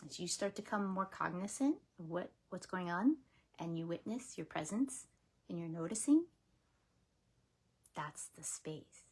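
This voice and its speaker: A woman teaching laughter yoga in a casual, gentle coaching way, often dropping into whispers and playful laughs. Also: fairly low pitch, lively intonation, a little slow, slightly rough. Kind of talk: casual spoken guidance.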